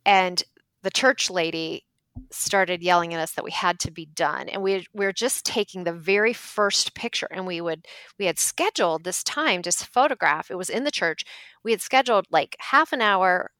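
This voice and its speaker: A woman's voice: moderate pace, smooth, no echo. A middle-aged woman, a photographer and podcast guest, telling stories casually and acting out quotes with big jumps in her voice. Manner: animated, acts out quotes with big pitch jumps. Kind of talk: casual storytelling.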